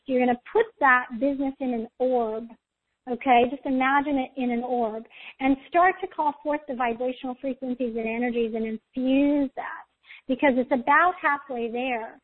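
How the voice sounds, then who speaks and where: A woman host giving intuitive spiritual readings in a soothing, guiding way, often checking in with "okay?", over a tinny line. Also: sits high. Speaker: intuitive reader, show host.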